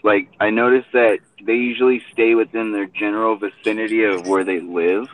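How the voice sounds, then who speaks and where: Over tinny phone-line audio with a little hiss or hum, a rideshare driver hosts a casual talk from his car between pickups. He's laid-back and rambling, says "dude" a lot, and speaks at normal speed in a lowish, fairly even voice.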